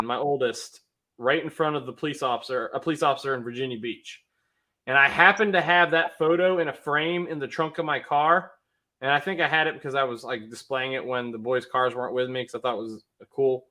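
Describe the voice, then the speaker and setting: A man's voice: medium pitch, normal speed, bright, forceful tone. A man in his thirties hosting a casual livestream, telling a rambling story, laughing often and greeting viewers in the chat. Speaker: livestream host.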